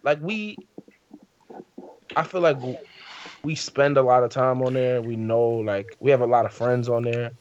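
A man's voice: mid-range voice, measured pace, long pauses, darkish tone, highs cut off. Laid-back man rambling on a podcast. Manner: laid-back, rambling, says "you know what I'm saying" often. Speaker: podcast co-host. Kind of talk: casual podcast banter.

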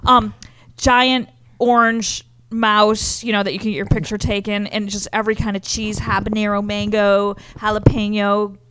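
A woman's voice: mid-range voice, little pitch movement, normal speed, fairly bright tone, slight background noise. A woman who plays in a touring band, chatting upbeat in casual storytelling and piling on details.

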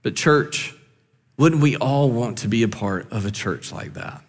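A man's voice: medium pitch, unhurried, big-room sound. A male pastor preaching a sermon, telling a story vividly and acting out the voices of the people in it.

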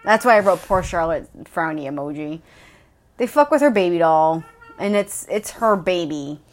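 Woman co-host, lively swings in pitch, casual and profane book-club banter. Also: moderate pace. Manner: animated, swearing, acts out characters' lines. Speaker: podcast co-host.

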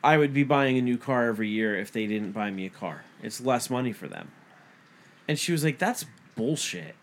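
In a laid-back podcast conversation, a man in his thirties recounts an incident with plenty of profanity, voicing each person in the exchange himself. He talks at normal speed in a mid-range voice.

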